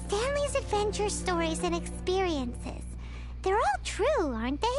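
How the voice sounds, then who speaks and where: A tiny, cheeky sprite girl with a piercingly high, squeaky voice. She bounces wildly up and down in pitch, sing-song and teasing, like a video game companion. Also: very animated, a little slow, full character voice. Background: game music.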